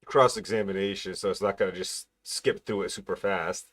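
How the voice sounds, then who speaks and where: Lower-voiced man explaining a game. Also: fairly quick, a bit bright, slight background noise. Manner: explains game mechanics plainly, laughs often. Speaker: co-host playing a game. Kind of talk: casual gaming chat.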